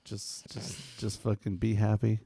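A man co-hosting a podcast in casual chat, laid-back and swearing a lot, giggling and slipping into silly high voices. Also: completely flat delivery, a little slow, vocal fry, warm tone, breathy edge, no room sound, clean studio sound. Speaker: podcast co-host.

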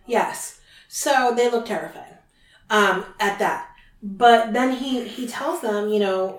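A woman hosting a podcast, casually retelling a book chapter in chatty, animated fashion. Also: medium pitch, slow. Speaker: podcast host. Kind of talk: casual book recap chat. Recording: roomy, distant from mic.

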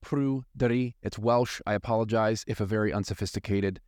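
An American man who is an attorney, opening his podcast in a chatty, self-deprecating way with frequent filler pauses. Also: lowish voice, level tone, darkish tone, no room sound, clean studio sound. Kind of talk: podcast introduction.

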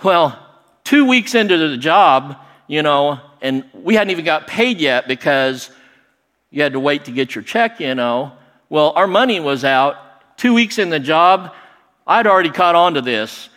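Middle-aged man, bright forceful voice, slightly high, animated storyteller, long hall echo. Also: measured pace. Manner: animated, acts out other people's lines. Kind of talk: personal story told to an audience.

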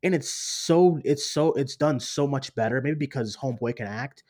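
Animated man chatting about a movie. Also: moderate pace. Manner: animated, laughs often, mimics others in high voice. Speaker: podcast co-host. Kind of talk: casual movie review chat.

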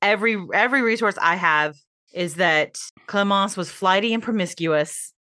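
A woman's voice: medium pitch, moderate pace, sharp tone. A woman co-hosting a podcast in casual chat, wry and self-mocking as she tells the story. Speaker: podcast co-host.

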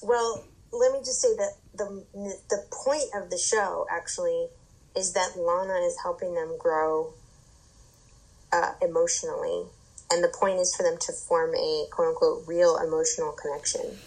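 A woman's voice: lowish voice, fairly even intonation, moderate pace, a little mellow, low-quality recording. A woman hosting a podcast, who chats casually and rambles through a story while filling it with "like" and "um". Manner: rambling, filler-heavy storytelling. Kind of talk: casual chat.

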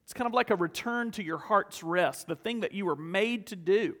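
Pastor, male, fairly high voice, earnest storytelling sermon in an echoing sanctuary. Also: moderate pace, a bit bright. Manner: storytelling, earnest, rhetorical questions. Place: church sanctuary.

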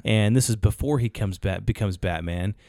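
A man's voice: lowish voice, moderate pace, vocal fry, darkish tone, dry recording. A man co-hosting a podcast, casually retelling a film's story with fillers. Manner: storytelling, retelling films with acted quotes. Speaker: podcast co-host. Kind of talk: casual chat.

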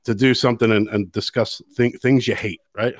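A man hosting a casual podcast, talking in a halting way with many restarts and fillers. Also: medium pitch, steady tone, no echo. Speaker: podcast host. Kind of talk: casual chat.

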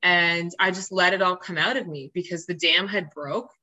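Woman, podcast guest, candid storytelling, earnest, fillers and restarts, lowish pitch. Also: fairly even intonation, moderate pace, pushed and bright, low-quality recording. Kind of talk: candid personal storytelling in interview.

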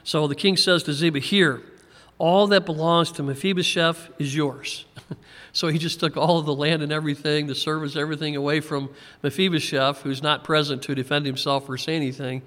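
A man teaching a Bible passage verse by verse, in a relaxed conversational way with frequent chuckles and small restarts. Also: fairly high pitch, fairly quick. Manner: conversational, chuckles often, repeats words when restarting. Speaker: pastor. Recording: long hall reverb.

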